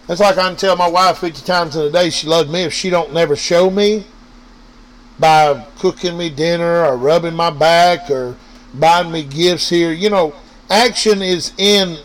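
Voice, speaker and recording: A man's voice: high-pitched, poor audio. Man preaching. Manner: preachy, repetitive, addresses listeners directly. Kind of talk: informal sermon. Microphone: online radio or podcast mic.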